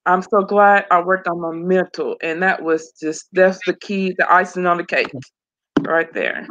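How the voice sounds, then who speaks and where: A woman's voice: on the low side, steady tone, a little slow, fairly bright tone, highs cut off. A woman, a mother of twins, telling her personal story as an interview guest in an earnest way, often repeating phrases. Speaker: program graduate guest. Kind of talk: emotional personal testimony.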